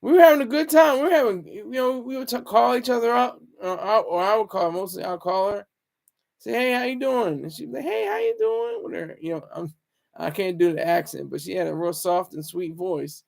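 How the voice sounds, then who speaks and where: A man's voice: high voice, fairly quick, creaky. A man talking in a casual, rambling monologue, often restarting his sentences and chuckling to himself. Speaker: vlogger.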